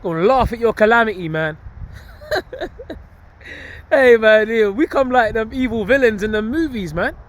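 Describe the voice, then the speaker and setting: Guy preaching doom on a stroll outside, high voice, lots of bro and man, traffic going by. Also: lively intonation, a little fast, few pauses. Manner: slangy, emphatic, laughing often. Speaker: street preacher vlogging. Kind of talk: casual preaching monologue. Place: outdoors on a walk among greenery.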